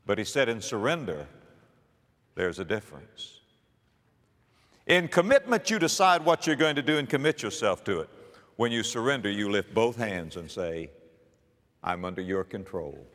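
A man's voice: fairly low pitch, big pitch swings, moderate pace, long pauses, a bit bright, big-room sound. A man preaching a sermon as a pastor, emphatic, building repetition and pressing rhetorical questions.

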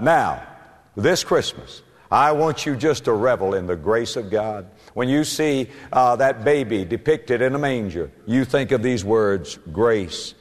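A man preaching a sermon, stressing key words by slowing down and rising in pitch. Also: animated. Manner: emphatic preaching, slows and rises on key words. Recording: long hall reverb.

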